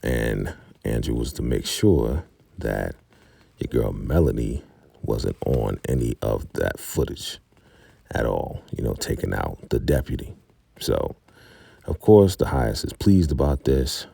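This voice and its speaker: A man's voice: extremely low pitch, animated, unhurried, vocal fry, dark tone, breathy edge, no room sound. A man giving a casual, laid-back recap of a TV episode who chuckles often and talks to his viewers as y'all. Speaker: TV recap reviewer.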